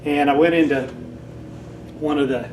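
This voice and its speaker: An older man with a fairly high, steady voice speaks at normal speed in a casual guest lecture. He wanders from story to story, acting out quoted voices. He's recorded from a distance in an echoing hall, with background noise present.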